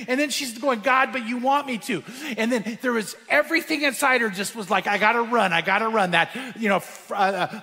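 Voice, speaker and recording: A male pastor preaching a sermon, telling a story that moves between hushed and emphatic passages. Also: on the high side, big-room sound.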